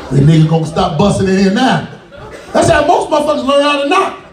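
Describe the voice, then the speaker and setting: A man doing a stand-up comedy set on a cafe stage, loud and profane, acting out characters as he goes. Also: high-pitched, sing-song, fairly quick, a crowd in the background. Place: music cafe stage with live audience. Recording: roomy, distant live club recording.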